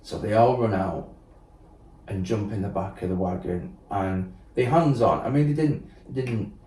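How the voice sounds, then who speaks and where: Male guest, low voice, sweary candid storyteller, distant mic. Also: normal speed, warm tone. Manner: blunt, swears, acts out quotes, many fillers. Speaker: podcast guest. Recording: roomy sound, distant mic.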